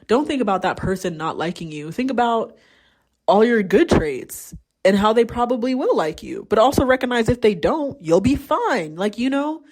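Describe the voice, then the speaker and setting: A woman's voice: fairly high pitch, big pitch swings, normal speed, darkish tone. A young adult woman hosting a podcast, talking candidly in a casual solo monologue and swearing freely. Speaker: podcast host.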